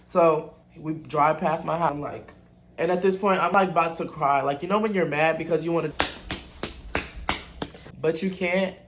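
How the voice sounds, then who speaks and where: A man's voice: a little high, moderate pace, pauses often, fairly bright tone. A young man telling a casual storytime to his viewers, candid, blunt and full of profanity. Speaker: vlogger.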